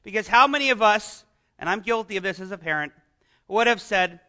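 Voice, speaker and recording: Preaching to his congregation, this middle-aged male pastor is animated and chatty, peppering his sermon with rhetorical questions. He has a high voice and talks a little fast.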